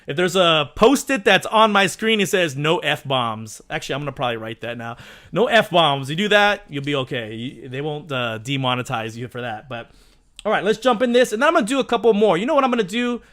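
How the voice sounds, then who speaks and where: A man, around his thirties, hosting a casual live stream and chatting excitedly with his viewers, rambling with lots of restarts. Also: fairly high pitch, fast talker.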